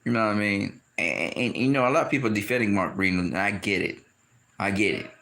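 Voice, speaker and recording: A man giving a casual, animated boxing opinion rant, often laughing and acting out quotes in high shouted voices. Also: quick pace, vocal fry. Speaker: boxing commentator.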